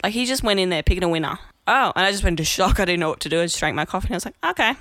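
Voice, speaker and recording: A woman in her twenties with an Australian accent, hosting a podcast and telling stories in a blunt, chatty way with lively acted-out quotes. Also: fairly low pitch, racing, a little hiss or hum. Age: 20s. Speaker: podcast host. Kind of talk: casual monologue.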